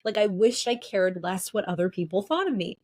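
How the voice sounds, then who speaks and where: A woman's voice: medium pitch, lively intonation, a little fast, darkish tone, no echo. A woman guest who runs play sessions, talking in an earnest, reflective way with many casual fillers. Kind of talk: casual conversation.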